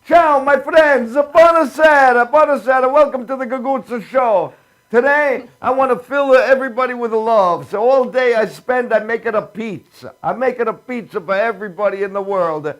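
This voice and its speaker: A man doing a booming Italian pizza-maker. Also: normal speed, fairly bright tone. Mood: jovial. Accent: Italian (put on). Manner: broken English, grandly theatrical. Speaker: show announcer.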